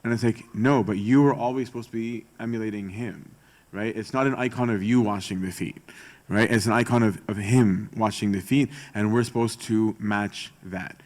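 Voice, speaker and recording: A man's voice: on the low side, steady tone, normal speed, a little mellow. A man, a priest, giving a conversational teaching talk to church servants, often checking in with "right?". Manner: casual, keeps asking "right?" and acts out gossip in quoted voices.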